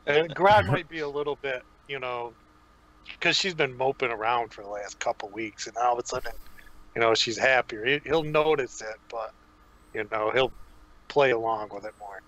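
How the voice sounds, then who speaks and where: Laid-back guy playing a tabletop game, lots of "you know", bright crisp voice. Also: mid-range voice, moderate pace, rough recording. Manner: laid-back, many fillers. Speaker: player. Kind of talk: casual chat in a tabletop game.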